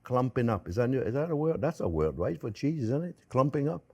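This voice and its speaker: A man's voice: medium pitch, sing-song, brisk, a little mellow. A middle-aged man hosting a cooking demonstration as a chef. He is talkative and jokey and calls his viewers friends. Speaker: chef and cooking show host.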